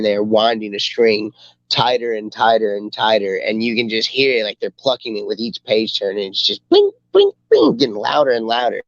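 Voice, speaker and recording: A man's voice: on the low side, fairly bright tone, no room sound, lo-fi sound. A man co-hosting a podcast, chatting enthusiastically and rambling as he retells a comic book. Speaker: podcast co-host. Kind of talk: casual chat reviewing comics.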